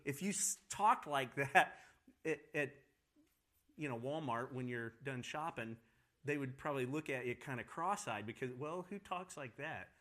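A man teaching a Bible study lesson in a conversational, animated way, often correcting himself as he goes. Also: fairly high pitch.

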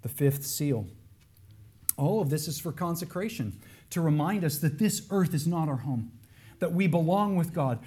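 Slow, earnest male preacher. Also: fairly high pitch. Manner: earnest, swinging between hushed lines and raised, pleading emphasis. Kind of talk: sermon.

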